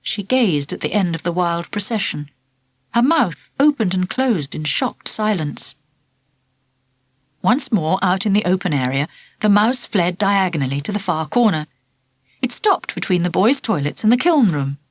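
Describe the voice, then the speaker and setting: A woman reads a children's storybook aloud in an expressive, animated way, her voice rising and falling freely through the scenes. The recording is close and dry, with no room sound. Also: lowish voice, normal speed, no room sound. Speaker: audiobook narrator. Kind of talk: scripted storybook narration.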